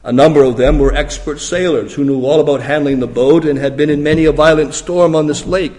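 A man preaching a sermon in a slightly high voice. He drops to a hush, then rises into loud, emphatic questions. His voice trails off into a long reverb from a large hall. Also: steady tone, brisk. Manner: dramatic, swings from hushed to loud emphatic questions. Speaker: pastor.

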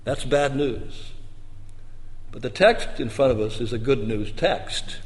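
A man preaching a sermon with emphatic delivery, swinging between loud bursts and soft, low stretches. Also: slow. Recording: long reverb of a large hall.

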